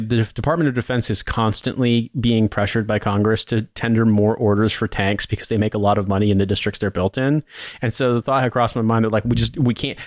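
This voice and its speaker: A man's voice: fairly low pitch, no echo, clean studio sound. A man co-hosting a podcast, rambling in a casual, profane way with lots of fillers. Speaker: podcast co-host. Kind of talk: casual chat.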